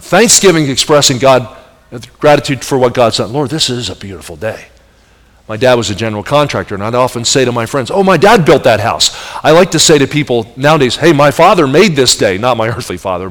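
A middle-aged man preaching a sermon as pastor, animated, with emphatic rising peaks and soft asides. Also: mid-range voice. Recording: long hall reverb.

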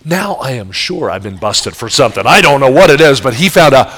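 A man's voice: mid-range voice, expressive, fairly quick, a bit bright, slightly rough. A man preaching a sermon, telling a story vividly, acting out the voices in it and asking his listeners questions. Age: adult. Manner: vivid storyteller who acts out quoted voices; talks straight to the audience with questions.

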